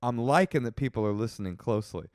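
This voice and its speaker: A man co-hosting a podcast in casual chat, talking in a chatty, jokey way with quick asides. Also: medium pitch, lively intonation, dry recording, clean studio sound. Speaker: podcast co-host.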